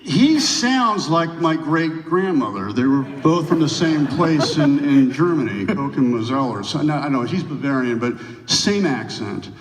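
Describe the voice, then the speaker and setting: A man's voice: a little high, slight background noise. Man telling stories in an echoey hall. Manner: animated storyteller, halting restarts. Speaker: guest actor at a film festival Q&A. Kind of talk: onstage storytelling interview. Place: theater stage before a live audience. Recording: echoey hall, mic from a distance.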